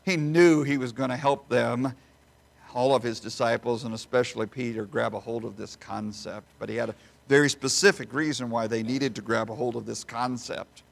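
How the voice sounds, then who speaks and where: A man preaching a sermon as a pastor, asking rhetorical questions and swinging from soft asides to loud, emphatic bursts. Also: mid-range voice, steady tone, moderate pace, creaky.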